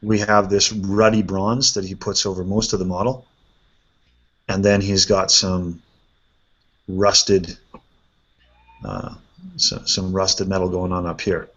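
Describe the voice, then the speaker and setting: Low-voiced guy chatting casually about painted minis, kinda muffled lo-fi audio. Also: takes it slowly, long pauses. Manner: relaxed, chatty, thinking aloud with fillers. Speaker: host. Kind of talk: casual chat reviewing miniature painting. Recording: dull lo-fi sound.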